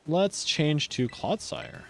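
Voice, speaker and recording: A male streamer chatting casually while playing a game, rambling and lively. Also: fairly high pitch, slow, soft background music. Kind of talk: casual gameplay chat.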